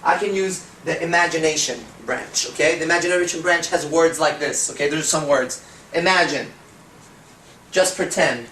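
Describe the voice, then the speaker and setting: A man giving a seminar talk as a dating coach, telling stories, swearing, and slowing into hypnotic suggestion. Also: a little high, a bit bright, slight background noise. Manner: profane, storytelling, slows into hypnotic suggestion. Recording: echoey room from far off.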